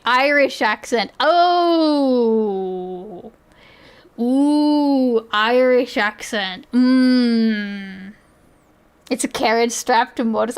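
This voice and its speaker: A woman with a South Asian accent, streaming and reacting in rambling, casual chat that is full of swearing and frequent laughter. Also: fairly high pitch.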